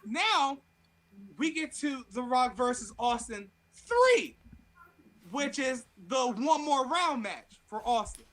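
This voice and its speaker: A man with a strikingly high voice holds the floor as a podcast co-host. He tells a story in casual chat, quick to swear and animated as he builds to the good part. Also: low-quality recording.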